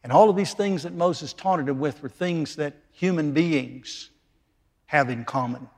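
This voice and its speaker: A man preaching a sermon, emphatic, dropping from loud declarations to hushed lines. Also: fairly high pitch, a little slow. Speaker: pastor. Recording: long reverb of a large hall.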